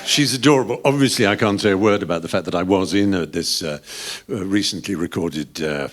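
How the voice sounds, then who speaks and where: A man's voice: low-pitched, brisk. An older English man in his sixties, a guest on a live podcast in a pub, telling rambling anecdotes with restarts and chuckles. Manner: rambling anecdotal storytelling with frequent restarts and laughs. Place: pub venue before a live audience.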